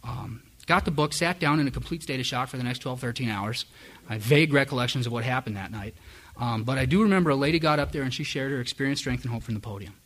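Speaking fast in a mid-range, fairly bright voice, a middle-aged man gives personal testimony to a live audience. He tells his own recovery story candidly, frank and self-mocking.

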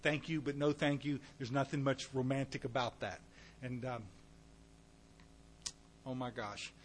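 Middle-aged guy telling his recovery story to a room, chatty asides, gets loud and animated in spots. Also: mid-range voice, a little slow, slight background noise. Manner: folksy storytelling with asides to the audience; shifts between quiet and loud animated bursts. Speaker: speaker at a recovery meeting. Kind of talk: personal testimony to an audience.

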